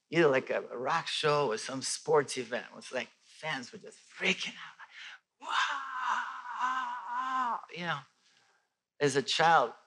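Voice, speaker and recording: A man from Bulgaria telling a personal faith testimony in animated storytelling, with many restarts and a voice that rises and falls. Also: mid-range voice. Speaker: testimony speaker.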